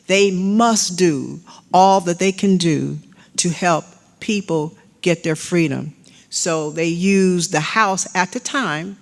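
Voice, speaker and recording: A woman's voice: on the low side, fairly bright tone. Older female lecturer, casual slide talk with fillers, long hall reverb. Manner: conversational, with frequent fillers and restarts, cueing slides with "next". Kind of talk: slide-show history lecture.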